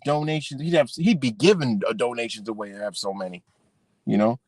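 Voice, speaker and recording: A man's voice: mid-range voice, brisk, a little mellow, no room sound. A man hosting a live stream, ranting in a heated, rambling way with a lot of profanity. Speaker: livestream host. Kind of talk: unscripted live-stream rant.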